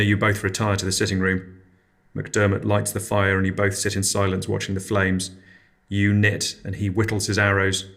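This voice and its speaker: A man's voice: on the low side, a bit bright. A man hosting an absurdist comedy podcast, narrating in a mild, hesitant, dry way. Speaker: podcast host.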